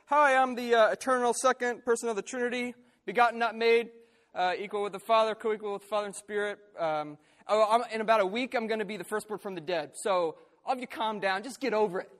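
A man's voice: high voice, fast, a bit bright, long reverb tail, voice pushed up. A man voicing a haughty divine man who brushes off mourners in a smug, dismissive way.

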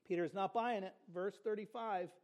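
A man's voice: high voice, fairly even intonation, normal speed. A man preaching a sermon as pastor, earnest and conversational, with playful asides to the congregation.

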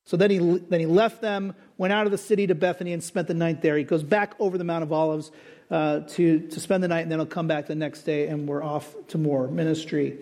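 A man preaching an expository sermon in a conversational, animated way, asking rhetorical questions and answering them. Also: sits high. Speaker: pastor.

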